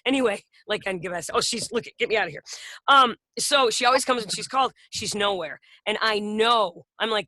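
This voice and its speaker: Middle-aged woman host, bright voice, laughs a lot, dry close sound. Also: medium pitch, a little fast, dry recording. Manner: animated storyteller, laughs often, acts out voices. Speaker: podcast co-host. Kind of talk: casual chat.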